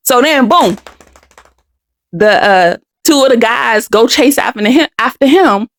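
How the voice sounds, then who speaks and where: A woman's voice: a little high, animated, normal speed, gravelly, a bit bright. A middle-aged woman from Washington DC hosting a podcast, telling a personal story candidly and with emotion, often restarting and repeating words. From Washington DC, United States. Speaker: podcast host.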